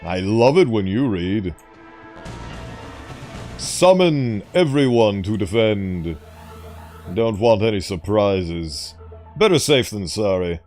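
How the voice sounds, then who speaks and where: Brief: male gaming commentator, slow and drawn out, playful grandiose asides over light music. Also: lowish voice, expressive, a little mellow. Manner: theatrical, mock-grand asides. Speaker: gaming YouTuber. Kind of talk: casual gameplay commentary.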